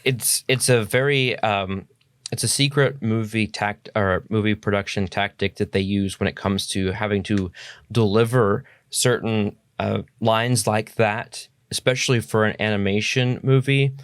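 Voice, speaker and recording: A man's voice: fairly low pitch, fairly even intonation, measured pace, no echo. A man co-hosting a podcast, chatting casually with dry, sarcastic jokes. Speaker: podcast co-host. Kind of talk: casual chat.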